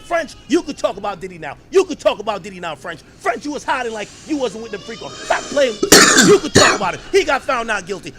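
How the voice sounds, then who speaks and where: A man hosting a podcast, giving loud, profane reaction commentary that at times turns to shouting. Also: high-pitched, very animated, fast talker, slight background noise. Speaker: podcast host.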